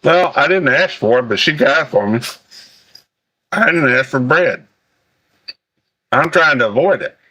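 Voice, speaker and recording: A man hosts a casual livestream while he eats, his voice bright and forward at an ordinary middle pitch. He rambles, stalls on fillers and circles back over his own words. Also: lively intonation, low-quality recording. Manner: rambling, halting, full of fillers. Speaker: livestream host.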